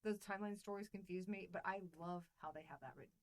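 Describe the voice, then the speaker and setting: A woman's voice: medium pitch, fast, poor audio. Bubbly, upbeat woman podcast host. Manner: bubbly, enthusiastic, playful asides. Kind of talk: casual solo podcast talk.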